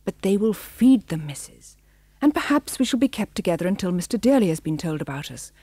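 Woman doing a gentle mother Dalmatian, anxious, earnest, higher and lifted, storybook audiobook. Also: very animated, brisk, husky, dry recording.

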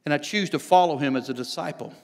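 A man's voice: a little high, fast, vocal fry. A man pastor preaching a sermon in a church, earnestly explaining scripture with frequent restarts. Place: church sanctuary. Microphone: microphone on stage. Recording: long church hall reverb.

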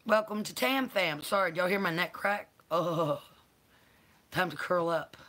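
Slow-talking woman host. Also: fairly low pitch, fairly bright tone. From North Carolina. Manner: affectionate, calls viewers honey and baby. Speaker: channel host. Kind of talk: live-stream chat, greeting viewers.

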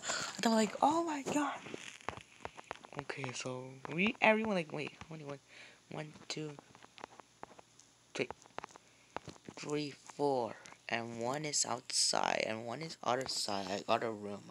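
A woman's voice: a bass voice, gravelly, noisy background. A woman giving live commentary while playing a game, rambling and jumpy, with many fillers and repeated words. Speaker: gamer.

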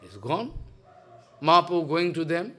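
Guy preaching, high voice, super animated storytelling. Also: normal speed. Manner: animated, dramatic retelling in broken English. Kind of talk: sermon storytelling.

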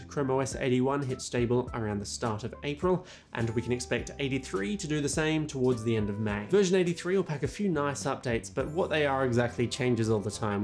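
A man's voice: mid-range voice, a little mellow. Playful man hosting tech news. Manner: playful, wry and theatrical. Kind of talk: scripted video narration.

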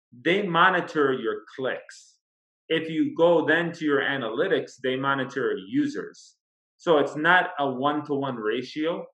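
A man as a marketing expert guest in a casual interview, explaining step by step in a measured, thoughtful way. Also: a little high, a bit bright. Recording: echoey, dull lo-fi sound.

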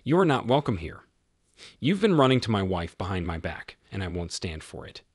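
A man voicing a cold, stern husband confronting his cheating wife, in a measured tone. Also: on the low side, expressive, slightly rough, no echo, clean studio sound. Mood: threatening.

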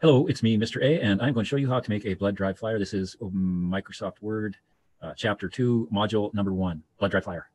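A man's voice: fairly low pitch, a little fast, darkish tone, slight background noise. A man teacher narrating a screen-share tutorial, thinking aloud loosely as he works.

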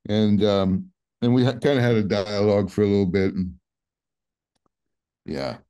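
A man in his seventies, a guest musician chatting casually in an interview, rambling along with lots of "you know" and soft laughs. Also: lowish voice, moderate pace, clean tone. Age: 70s.

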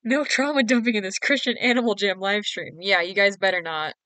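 A woman's voice: medium pitch, brisk, a bit bright, dry recording. A young woman chatting casually on a late-night game stream, giggly, teasing and sleepy. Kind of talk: casual live-stream chat.

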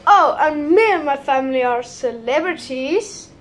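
A woman's voice: sits high, expressive, measured pace. A woman using a put-on Irish accent, giving rambling, hesitant gameplay commentary full of fillers. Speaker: gamer.

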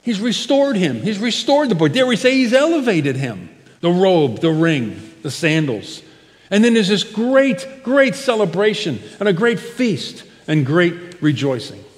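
A male pastor preaches in an expressive style, swelling loud on key words and dropping soft at the ends of phrases. His voice sits slightly high and carries a long reverb from the church hall. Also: unhurried. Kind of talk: sermon. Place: church sanctuary.

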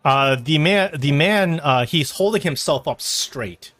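A man's voice: on the high side, animated, measured pace, a bit bright, dry recording. A man narrating as game master at a tabletop game, chatty and rambling, with lots of fillers.

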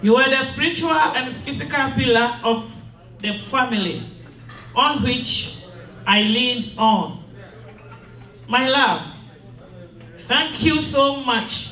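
Grieving widow in an echoey hall. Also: female voice, on the high side, a bit bright. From Ghana. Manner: slow, grieving, tearful delivery. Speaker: widow giving a funeral tribute. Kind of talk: read funeral tribute. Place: funeral hall. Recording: echoey hall from far off with music.

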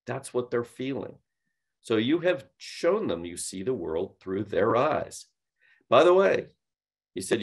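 A man teaching cold calling in a webinar, telling stories with lively quoted dialogue. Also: medium pitch, slow pace. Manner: animated storytelling, mimics voices in quoted dialogue. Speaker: sales trainer.

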